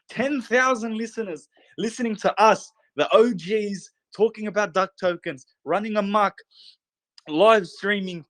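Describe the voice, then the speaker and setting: A man's voice: high voice, no echo. A young man hosting a casual live talk show, full of hype and getting more and more pumped up. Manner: excitable hype, says he gets pumped and could start yelling. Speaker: podcast host.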